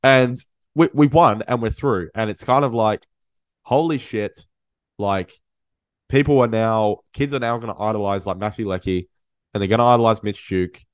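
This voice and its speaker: A man hosts a casual podcast chat in a low voice, close and dry. He gets animated, tripping over and repeating his words as he pushes his point. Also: moderate pace, clean tone, no echo. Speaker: podcast host.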